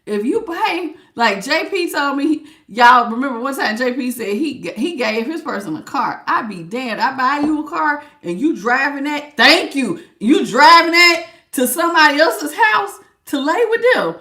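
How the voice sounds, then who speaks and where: A tarot reader gives a loose, joking spiritual reading packed with slang and quick laughs. Her slightly high voice is bright and forceful, and she comes across animated and blunt. A clear echo fills the room around her.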